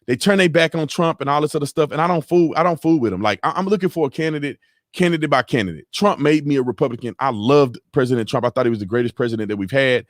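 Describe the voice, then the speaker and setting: A man hosts a loose livestream. He talks in a fired-up, slangy rush, often repeating himself. His voice sits at a middle pitch, close and dry on the mic. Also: fast talker, no room sound. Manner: animated, repetitive, slangy, mimics sounds. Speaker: host. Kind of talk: casual livestream commentary.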